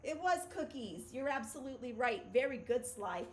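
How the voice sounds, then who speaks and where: A woman's voice: a little high, lively intonation, moderate pace. A woman teacher giving a children's phonics video lesson in an upbeat, playful way.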